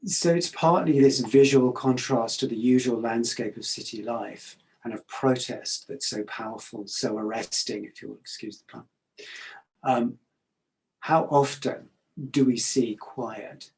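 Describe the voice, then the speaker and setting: A middle-aged man giving a reflective talk, calm and measured, pausing often with hesitations. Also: mid-range voice, rough recording.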